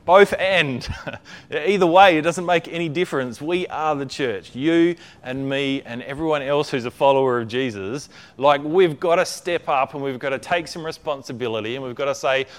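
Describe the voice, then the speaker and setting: Smooth-voiced preacher, conversational. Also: male voice, medium pitch, normal speed. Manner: chatty, checks in with listeners often; repeats words while building a point. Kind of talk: conversational sermon.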